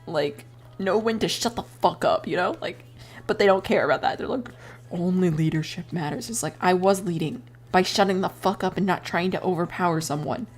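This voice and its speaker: A woman's voice: fairly low pitch, fairly quick, slightly rough, soft background music. A woman in her twenties chatting casually while drawing on stream, rambling, swearing freely and laughing often.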